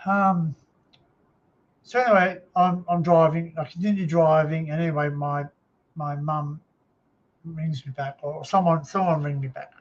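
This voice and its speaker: Aussie bloke telling a sad story on a live stream, lots of ums and restarts, kinda high voice, muffled audio. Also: male voice, fairly even intonation. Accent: Australian. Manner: halting, many fillers and restarts. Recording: dull lo-fi sound.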